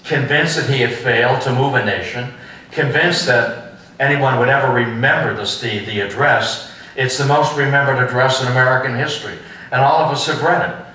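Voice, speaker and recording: A man giving a history lecture to an adult class, slow and emphatic, asking rhetorical questions and repeating phrases. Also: mid-range voice, bright, forceful tone. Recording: echoey room, mic at a distance.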